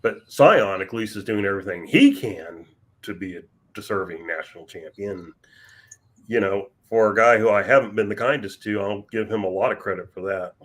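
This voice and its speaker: Low-voiced wry podcast co-host man. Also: animated. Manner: measured, wry, dryly sarcastic. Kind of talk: casual chat.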